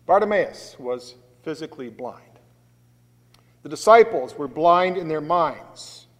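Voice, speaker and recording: Male pastor, slow deliberate sermon, slightly high voice, long hall reverb. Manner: emphatic, deliberate preaching with strong swells in loudness.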